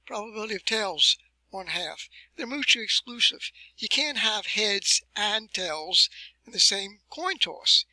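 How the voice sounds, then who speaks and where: A man giving a recorded university lecture, explaining step by step with deliberate emphasis and rhetorical questions. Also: sits high, bright, forceful tone, no room sound, rough recording.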